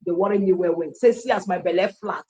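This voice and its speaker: A Nigerian woman telling her personal story in an animated testimony style, acting out dialogue and slipping into Pidgin phrases. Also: lowish voice, fast, low-quality recording.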